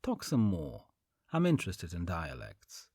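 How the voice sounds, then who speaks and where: Man doing a friendly curious teen girl, lively ups and downs, still deep and husky. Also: unhurried, dry recording, clean studio sound, full character voice.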